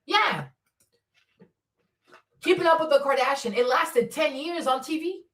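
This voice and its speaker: A woman with a high voice gives loose, profane livestream commentary that swings from loud outbursts to low mutters. She sits a little back from the mic, and the room around her is roomy and echoey. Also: expressive, a little slow, far from the mic. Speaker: livestream host. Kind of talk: casual unscripted commentary. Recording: roomy echo, voice a bit off-mic.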